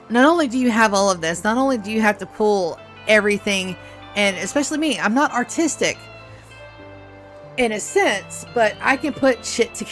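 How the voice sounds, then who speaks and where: A woman streamer chatting casually while playing a game, telling rambling, profane stories about running tabletop games. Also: mid-range voice. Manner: rambling, profane, animated storytelling.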